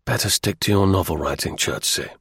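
Man reading a curt formal spymaster, low husky voice, dry. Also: a little fast, fairly bright tone, no room sound, full character voice. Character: cool, stern older male intelligence chief.

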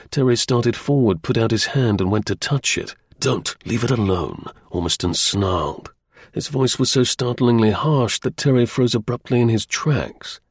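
Man, audiobook narration, husky, lowish voice, measured delivery, dry sound. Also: no echo. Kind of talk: scripted narration.

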